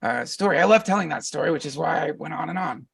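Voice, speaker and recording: Gravelly, husky man telling a story off-mic. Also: on the high side, quick pace, dry recording, distant mic. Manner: rambling, animated storyteller with frequent fillers and laughs. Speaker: podcast guest. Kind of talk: casual storytelling conversation.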